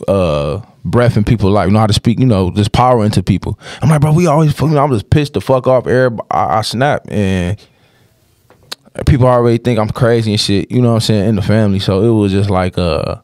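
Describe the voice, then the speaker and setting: A man's voice: lowish voice, a little fast, darkish tone, clean tone, no room sound, clean studio sound. A young man on a podcast, telling a personal story in casual chat, with lots of slang and swearing and restless run-on sentences.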